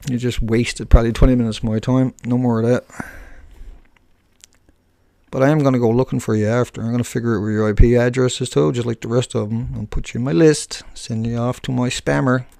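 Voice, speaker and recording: A man with a gravelly, creaky voice talks straight at his viewers on an unscripted live stream. He goes after a commenter with scorn and taunts. The sound is dry and close, with no room echo. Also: mid-range voice, fairly even intonation, brisk, dark tone. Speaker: live streamer answering chat.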